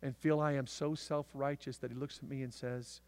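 A man preaching a sermon to his church, swinging from loud, emphatic declarations to hushed asides. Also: mid-range voice, flat delivery, moderate pace, clean tone. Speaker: pastor. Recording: long hall reverb.

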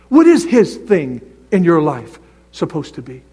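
A male pastor preaching a sermon, animated, acting out little voices and reading scripture aloud. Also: fairly high pitch, moderate pace, husky. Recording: long reverb of a large hall.

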